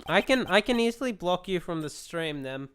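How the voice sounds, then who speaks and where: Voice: mid-range voice, animated, moderate pace, fairly bright tone, soft background music. A streamer commenting casually on a game playthrough, joking and self-mocking.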